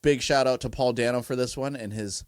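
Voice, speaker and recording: A man's voice: medium pitch, brisk, clean tone, no echo, studio quality. A man co-hosting a casual movie podcast, telling stories and laughing often. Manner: laughs often, animated storytelling. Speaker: podcast co-host. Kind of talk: casual movie review chat.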